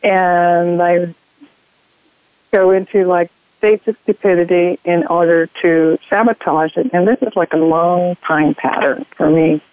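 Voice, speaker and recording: A woman calling in to a coaching show, talking in a halting, hesitant way. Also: lowish voice, fairly even intonation, dry recording. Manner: halting and hesitant, with fillers and restarts. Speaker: caller. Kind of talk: phoned-in coaching call. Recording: tinny phone line.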